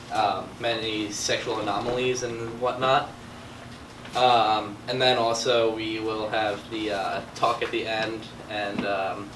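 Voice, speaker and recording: A teenage male student presenting his group's plan, halting with many "um"s. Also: on the low side. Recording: echoey classroom, distant mic, hiss.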